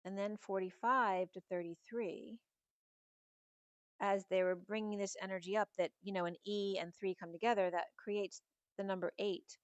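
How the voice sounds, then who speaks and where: A middle-aged woman gives a spiritual tarot reading in a mid-pitched voice, wandering from one number and symbol to the next. Her voice is slightly hoarse, and the recording sounds dry and close. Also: fairly even intonation, normal speed, dry recording, highs cut off. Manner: musing, meandering delivery linking numbers and symbols. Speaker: tarot reader.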